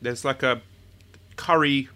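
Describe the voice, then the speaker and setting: A man's voice: mid-range voice, steady tone, slow, pushed and bright. A man co-hosting a casual podcast, asking wry questions and chatting about snacks. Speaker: podcast co-host.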